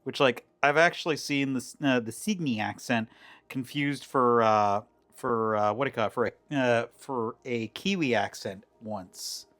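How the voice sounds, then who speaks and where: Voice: mid-range voice, normal speed, fairly bright tone. A cooking streamer chatting casually while making a dish, rambling with many fillers and restarts. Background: faint background music.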